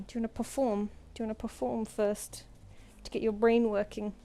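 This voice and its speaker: A woman's voice: on the high side, little pitch movement, brisk, warm tone. A British woman chatting casually on a live stream at home, cooing at her cat and giving it commands between comments. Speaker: artist streamer. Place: home room.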